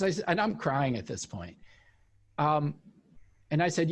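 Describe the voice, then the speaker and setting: An interview guest, an author who was once in a cult, tells a personal story conversationally at a measured pace. His voice runs on the high side, and he animatedly performs the voices of the people he describes.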